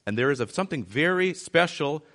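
A man's voice: a little high, expressive, a little fast, fairly bright tone. A man giving a conversational sermon as a church pastor, driving his points home by repeating them. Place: city church.

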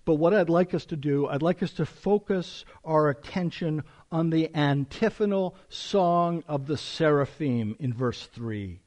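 Male pastor, slightly high voice, warm and unhurried, expository sermon with emphatic scripture reading.

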